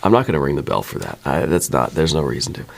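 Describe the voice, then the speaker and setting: Low-voiced man giving calm tarot readings. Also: creaky, a little hiss or hum. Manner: reassuring, unhurried, frequent "right?" tags. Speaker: tarot reader. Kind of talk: soft-spoken ASMR tarot reading.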